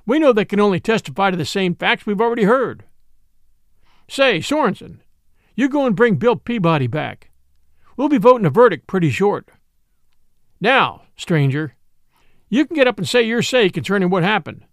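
A man's voice: high voice, sing-song, moderate pace, long pauses, no echo, studio quality, pitched above the performer's own voice. A man voicing an angry, domineering miners' judge from the frontier, talking in a folksy, bossy way. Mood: indignant. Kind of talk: audiobook character voice.

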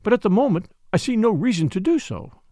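A man's voice: sits high, very animated, brisk, mellow, no room sound, studio quality, pitched above the performer's own voice. A man reading an audiobook voices a reserved young Englishwoman who answers politely but guardedly. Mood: cool.

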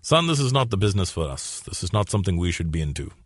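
A man's voice: low-pitched, sing-song, fast, dry recording, studio quality. A man doing a stern scolding father. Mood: lecturing. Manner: scolding, indignant. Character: stern disapproving immigrant father.

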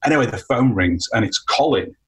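A man, an entrepreneur guest, telling an animated story about his career in a casual, chatty way with frequent fillers. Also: medium pitch, a little fast, rough recording. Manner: animated anecdote with many fillers.

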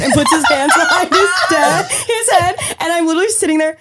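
A young woman telling a funny story in casual podcast chat, animated and quick to swear, acting out quotes. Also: high-pitched. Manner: animated, swears freely, quotes others in raised voice.

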